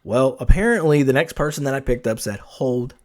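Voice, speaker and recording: A man's voice: medium pitch, fast talker. Rambling man telling a story. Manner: rambling, full of "like" and "you know", many restarts, animated. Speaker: podcast host. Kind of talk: casual solo storytelling.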